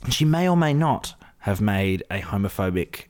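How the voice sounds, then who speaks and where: A woman's voice: rumbling low, expressive, moderate pace, a little mellow. A woman co-hosting a podcast, chatting casually, laughing often and trailing off into restarts. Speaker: podcast co-host. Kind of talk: casual chat.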